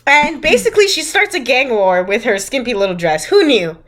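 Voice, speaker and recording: Young woman co-host, sarcastic movie recap, bright, slightly high voice. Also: big pitch swings, brisk. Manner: sarcastic recapping, acts out quotes, giggles often. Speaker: podcast co-host. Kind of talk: casual movie-roast chat.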